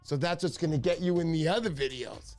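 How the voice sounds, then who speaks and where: A middle-aged man hosting a livestream, his voice sitting a bit high for a man. He chats casually and tells excitable stories, acting out the voices of the people in them. Faint music plays underneath. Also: fairly quick. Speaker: livestream host.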